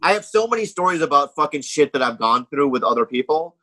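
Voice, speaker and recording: A man's voice: on the high side, expressive, fast, pushed and bright, dry recording. A man guest on a comedy podcast, telling rambling stories in casual chat and saying "you know what I mean" often.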